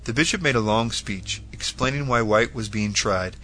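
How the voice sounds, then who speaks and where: A man narrating historical martyr stories in an earnest, measured reading. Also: fairly low pitch, bright, forceful tone. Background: faint guitar music.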